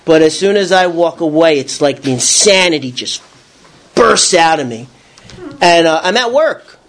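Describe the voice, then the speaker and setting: A man with a notably high-pitched voice tells a personal story about his recovery. He rambles, stumbles into restarts and repeats his words, and brings the tale alive by acting out his own shouting. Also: lively intonation, normal speed.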